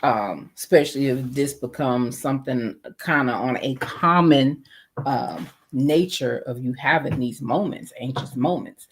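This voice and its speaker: Man podcast co-host, measured, explains things with lots of fillers. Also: medium pitch, breathy edge. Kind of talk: casual podcast chat.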